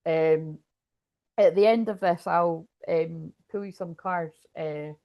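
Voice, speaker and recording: Scottish woman tarot reader, lowish voice, rambling casual livestream chat from home. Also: takes it slowly, creaky, muffled recording. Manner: rambling, chatty, laughs often.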